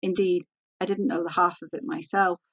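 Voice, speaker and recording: A woman author reading her novel aloud in a measured, composed way. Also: on the low side, little pitch movement, creaky, fairly bright tone, no echo, lo-fi sound.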